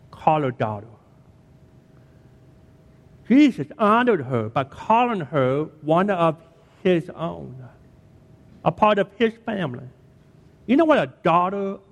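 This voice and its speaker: High, lively pastor preaching in a hall. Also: male voice. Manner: dramatic, emphatic preaching with repeated words. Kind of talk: sermon. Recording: long hall reverb.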